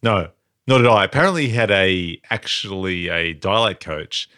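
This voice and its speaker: Low-voiced man hosting a podcast, dry sound. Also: normal speed, sharp tone, clean tone, dry recording. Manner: leads segments, reads trivia aloud. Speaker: podcast host. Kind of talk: casual podcast chat.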